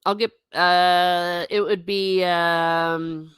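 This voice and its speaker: A woman's voice: on the low side, animated, a little slow, fairly bright tone, dry recording, clean studio sound. A middle-aged woman hosting a casual livestream chat, reading viewer comments and laughing often with self-mocking asides.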